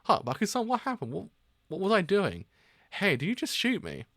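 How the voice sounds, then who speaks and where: A man's voice: wildly swooping pitch, moderate pace, fairly bright tone, dry recording, clean studio sound, heavily acted. A man doing a jittery, startled young sidekick. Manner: startled, stammering, high-strung. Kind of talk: manga read-aloud acting.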